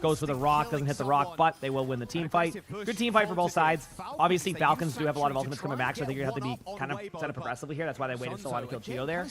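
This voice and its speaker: A man streaming live, giving rapid esports commentary in auctioneer-like patter as he reacts to a pro match. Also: fairly high pitch, crowd noise.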